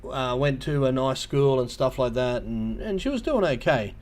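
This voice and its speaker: A man's voice: mid-range voice, expressive, normal speed. A man with an Australian accent hosting a casual livestream, telling a rambling story full of ums and restarts. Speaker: livestream host.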